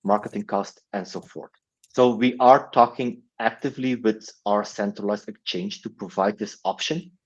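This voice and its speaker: A man answers community questions on an online call, explaining patiently and often restarting his phrases. His voice sits a little low, and the audio is dull and lo-fi. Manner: explanatory, earnest, repeats words when restarting.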